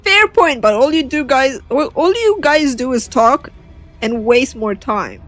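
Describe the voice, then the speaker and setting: Giggly, animated woman streamer. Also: high voice, a little slow, faint music behind. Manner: giggly, animated, reads choices aloud. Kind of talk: live-stream gameplay commentary.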